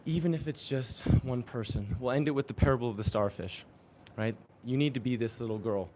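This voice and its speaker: A man's voice: medium pitch, a little fast, darkish tone, slight background noise. A man exercising during a live-streamed motivational talk, earnest and affirming, often chuckling. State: exercising while talking. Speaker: spiritual coach.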